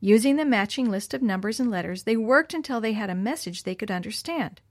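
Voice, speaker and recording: Female storybook narrator, measured and clear; dry, close mic. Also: on the high side, expressive, dry recording. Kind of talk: storybook reading.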